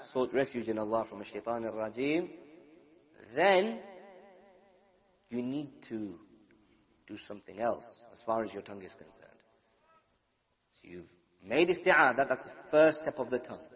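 A man's voice: medium pitch, long reverb tail. A man from the UK giving an Islamic lecture, asking his audience questions and acting out everyday quarrels. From United Kingdom. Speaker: Islamic preacher. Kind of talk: religious lecture to a live audience. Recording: dull lo-fi recording.

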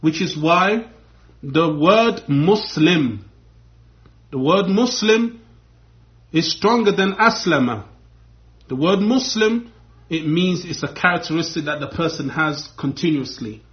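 A man's voice: a little high, animated, takes it slowly, long pauses. A man giving a religious lesson, explaining step by step and repeating key points. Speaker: Islamic teacher. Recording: dull lo-fi recording.

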